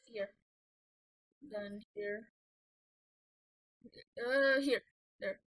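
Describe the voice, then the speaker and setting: A woman's voice: medium pitch, steady tone, extremely slow, pauses often, fairly bright tone, low-quality recording. A woman giving rambling, self-mocking commentary while playing a game, easily flustered. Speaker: gamer. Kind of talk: gameplay commentary.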